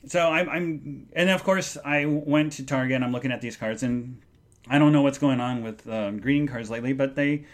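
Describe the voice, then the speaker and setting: A man hosting a solo podcast, talking in an earnest, halting way with many restarts as he recounts an emotional day. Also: mid-range voice. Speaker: podcast host. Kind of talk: solo live podcast monologue.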